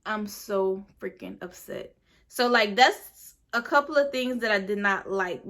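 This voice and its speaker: A woman's voice: a little high, sharp tone. Frustrated young woman venting about a wig. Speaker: beauty vlogger. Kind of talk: casual product review.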